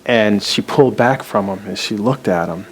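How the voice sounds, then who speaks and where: A male pastor preaching a sermon. He tells a story, links clauses with repeated "and", and slows down for emphasis. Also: on the low side, breathy edge, poor audio.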